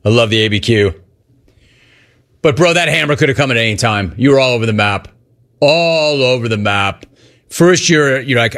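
A man's voice: mid-range voice, animated, moderate pace, long pauses, fairly bright tone. A man hosting a radio call-in show, brash and riffing, repeating his catchphrases as he takes callers. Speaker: radio talk show host. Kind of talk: sports talk radio, taking calls.

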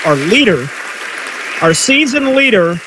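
A man's voice: high-pitched, sing-song, slow pace, crowd noise, noisy background. A man hosting a sports radio show, chatty and rambling, with lots of fillers. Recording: dry studio sound.

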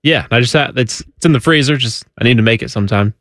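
A man on a show answering questions in a hesitant, low-key way. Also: fast talker, fairly bright tone, no room sound, studio quality. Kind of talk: casual chat.

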